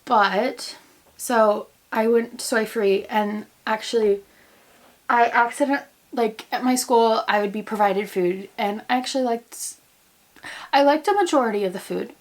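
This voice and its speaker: Talking to camera from her home during quarantine, this American woman in her twenties, a vlogger and grad student, has a fairly high voice and an unhurried pace. She rambles in a goofy way, poking fun at herself.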